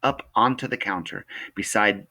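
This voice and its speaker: Low-voiced man reading a story aloud. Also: moderate pace. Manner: plain, steady narration. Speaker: teacher. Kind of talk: reading a novel aloud to a class.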